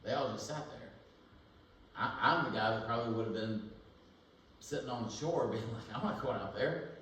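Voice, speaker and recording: A man's voice: mid-range voice, moderate pace, a bit bright, a little hiss or hum. A man preaching a sermon in a conversational, thinking-aloud way. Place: church sanctuary. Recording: echoey church room, mic at a distance.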